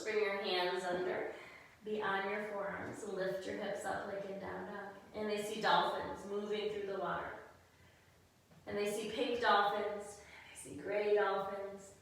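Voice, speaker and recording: A woman leading a kids' yoga class as a gentle story, mixing pose cues with storytelling. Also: medium pitch, a little hiss or hum. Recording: very echoey room, voice far from mic.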